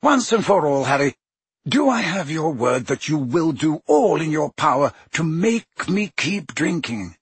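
A man reading aloud, voicing a very old, wise male wizard who speaks with firm, gentle authority and later pleads in terror. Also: fairly high pitch, sing-song, unhurried, husky, no room sound, voice pushed up, full character voice. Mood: commanding. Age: older.

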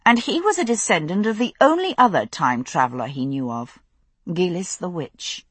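A woman narrating a novel as an audiobook in a measured, expressive storytelling manner with a husky voice. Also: fairly low pitch, no room sound.

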